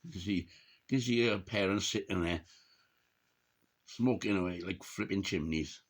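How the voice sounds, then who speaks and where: A middle-aged man chatting casually to camera in a rambling, jokey way, often clearing his throat. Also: deep voice, moderate pace. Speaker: vlogger.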